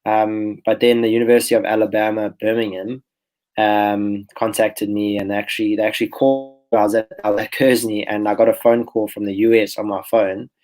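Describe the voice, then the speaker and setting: Man, 20s, lowish voice, relaxed rambling podcast guest. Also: a little fast, low-quality recording. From South Africa. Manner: relaxed, rambling storyteller who restarts phrases. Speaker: professional golfer guest. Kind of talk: casual podcast interview.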